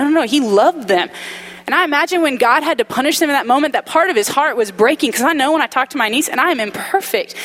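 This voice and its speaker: A woman's voice: high voice, a bit bright. Candid woman preaching a story-driven sermon.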